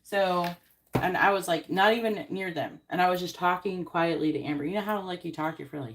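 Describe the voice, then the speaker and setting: A woman's voice: fairly low pitch, a little fast. A woman who hosts tarot readings, telling a story in an indignant, casual rant full of swearing and fillers. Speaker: tarot card reader host.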